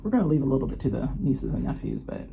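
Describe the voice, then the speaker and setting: Low, lively woman. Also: fast, vocal fry, muffled recording, slight background noise. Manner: chatty, rambling, often laughs. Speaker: luxury unboxing vlogger. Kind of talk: casual show-and-tell chat.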